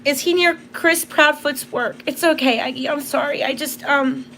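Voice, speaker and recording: A woman's voice: high-pitched, normal speed, sharp tone, a little hiss or hum. A woman hosting a live spirit box session, emotional and apologetic as she talks to the spirits, close to tears. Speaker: tarot reader and spirit box host.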